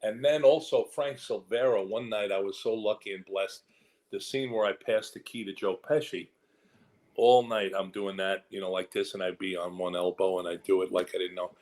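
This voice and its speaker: A man with a lowish voice tells stories from his acting career in a candid interview. He rambles through restarts and asides, then jumps into quoted voices with lively energy. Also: moderate pace. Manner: animated storyteller who slips into quoted voices. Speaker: actor and guest.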